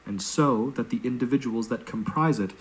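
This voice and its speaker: A man reading a philosophical text aloud in measured, formal scripted narration, played back as a recording. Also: mid-range voice, rough recording.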